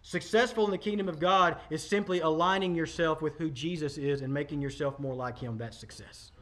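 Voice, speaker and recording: Emphatic high-voiced preacher in his forties. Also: steady tone, a little fast, fairly bright tone. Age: 40s. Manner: conversational, emphatic preaching with audience asides. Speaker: pastor. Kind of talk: sermon.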